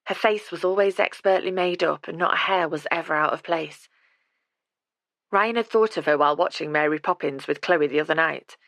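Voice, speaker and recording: A woman narrating an audiobook in a steady, measured reading voice. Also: low voice, no room sound.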